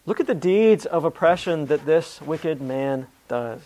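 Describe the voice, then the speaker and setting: A man's voice: a little high, animated, unhurried, darkish tone. A man preaching a sermon, reading scripture aloud with earnest emphasis and often restarting his phrases. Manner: repeats words and restarts mid-phrase.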